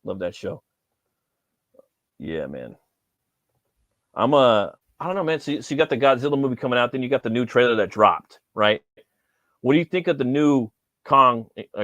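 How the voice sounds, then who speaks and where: A man's voice: on the low side, fairly bright tone, dry recording. A man from California, host of a casual chat, talking in a laid-back, rambling way and swearing freely.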